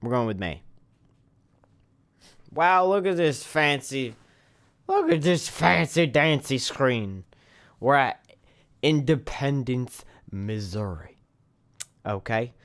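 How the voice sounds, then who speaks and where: A man casually commentating a game stream, reading the on-screen text aloud and joking at his own expense. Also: mid-range voice. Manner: self-deprecating, reads game text aloud. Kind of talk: casual let's-play commentary.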